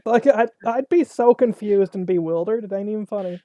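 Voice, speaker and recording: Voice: medium pitch, fairly even intonation, normal speed, a little hiss or hum. A podcast host in casual chat, crude and joking, swearing freely while telling bad pickup lines.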